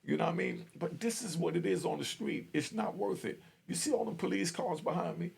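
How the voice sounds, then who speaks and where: Brief: streetwise vlogger, man in his fifties, husky and gravelly, blunt and preachy. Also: high voice, fairly quick. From Jamaica. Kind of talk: street commentary vlog. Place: outdoors on a street.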